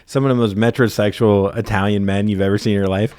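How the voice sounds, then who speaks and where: A man's voice: on the low side, fairly even intonation, quick pace, darkish tone, smooth. A young man co-hosting a comedy podcast, teasing his friend in a dry, swearing, offhand way. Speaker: podcast co-host. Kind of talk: casual chat.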